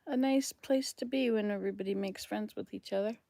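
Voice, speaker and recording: An older woman chatting casually as a vlog host, soft-spoken and easygoing. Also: a little fast, vocal fry, dry recording. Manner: chatty, soft-spoken, calls to cats in a high sing-song. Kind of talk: casual live chat.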